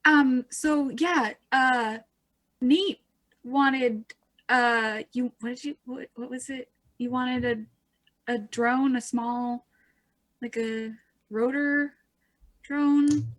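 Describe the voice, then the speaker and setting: A woman's voice: high-pitched, steady tone, very slow, pauses often. A woman playing a tabletop role-playing game, speaking hesitantly and trailing off. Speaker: player. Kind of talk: tabletop role-play, in and out of character.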